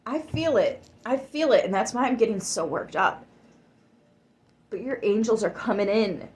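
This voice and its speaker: A woman's voice: on the high side, expressive, normal speed, darkish tone. A woman giving a tarot reading to her viewers. She talks emphatically, swears freely and gets worked up. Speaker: tarot reader.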